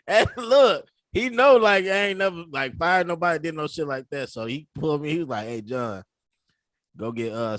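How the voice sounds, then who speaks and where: Male podcast co-host, higher voice, swings up and down a lot, dry close studio mic. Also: no echo. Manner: animated, laughs often, swears freely. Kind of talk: casual storytelling chat.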